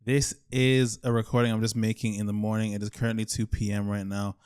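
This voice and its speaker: A man's voice: lowish voice, level tone, fast, a little mellow, clean tone. A man in his twenties, from Ireland, talking alone to the camera and thinking aloud in a rambling, self-questioning way. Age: 20s. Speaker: YouTuber. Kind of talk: solo reflective talk over gameplay.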